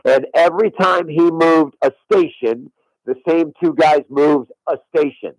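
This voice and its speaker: A middle-aged man who used to caddie spins a lengthy tale in a radio studio, swearing on his daughter's life. He speaks a little slowly, his voice on the high side, and the recording is dry and low in quality.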